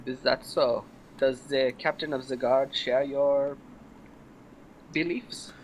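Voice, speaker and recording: A man's voice: mid-range voice, steady tone, takes it slowly, slight background noise, poor audio. A man playing a tabletop game, speaking politely and formally in character. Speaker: player.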